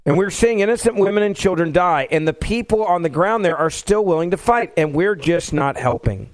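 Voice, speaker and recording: A man's voice: high-pitched, animated, brisk, no room sound. A middle-aged man hosting a podcast, delivering an impassioned political commentary monologue full of rhetorical questions. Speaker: podcast host.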